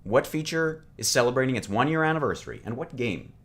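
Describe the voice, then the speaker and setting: A man co-hosting a casual game livestream, excitable and playful as he reads out trivia questions. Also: medium pitch, quick pace. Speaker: livestream co-host.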